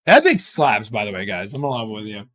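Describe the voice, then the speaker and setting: A man's voice: lowish voice, huge pitch swings, a little fast, fairly bright tone. A man chatting casually on a live stream, rambling and joking with his chat, swearing often.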